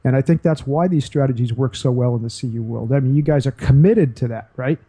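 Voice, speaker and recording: Guy on a talk show, super dark mellow voice, kinda husky, earnest and chatty. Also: medium pitch, a little fast. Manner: earnest, explanatory, many restarts. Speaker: guest leadership speaker. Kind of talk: casual interview talk.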